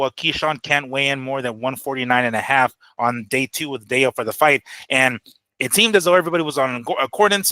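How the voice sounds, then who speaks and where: A man co-hosting a boxing talk show, talking casually and a bit loosely, hedging with fillers as he works through a story. His voice is bright and forward, and the sound is dry. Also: medium pitch, no room sound, poor audio. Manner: rambling, hedging with fillers while explaining. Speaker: co-host of a boxing news show. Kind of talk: casual profane chat.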